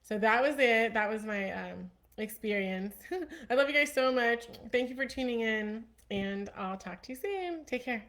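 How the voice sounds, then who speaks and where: A woman's voice: a little high, animated, moderate pace, a bit bright. A young woman talks straight to her viewers in a casual, heartfelt way. She sounds earnest and upbeat, and she fills her sentences with likes and ums as she gets to her point. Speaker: host. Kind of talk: casual spiritual talk to viewers.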